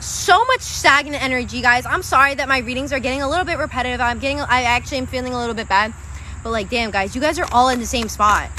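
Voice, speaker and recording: Bright, chatty young woman reading tarot. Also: high voice, quick pace, slight background noise. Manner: chatty, swears casually, addresses viewers as guys and babe. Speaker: tarot reader. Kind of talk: live-stream tarot reading.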